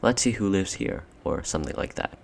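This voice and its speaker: This audiobook character voice is exaggerated: a man speaks low and a little fast, creaky and full of big pitch swings, as a cold, regal, tall queen. She coaxes, sweet-talks and commands persuasively, with slight background noise behind.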